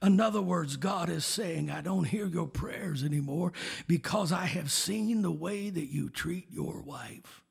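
Raspy, gravelly-voiced preacher man. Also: on the high side, unhurried. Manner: swings from shouted exhortation to hushed, near-whispered asides; punctuates with call-outs to the congregation. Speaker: pastor. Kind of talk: sermon.

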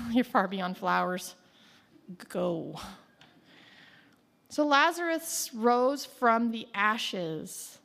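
A woman's voice: high-pitched, a bit bright. A woman giving a casual sermon, retelling a Bible story in loose, conversational words with joking asides. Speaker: Bible teacher.

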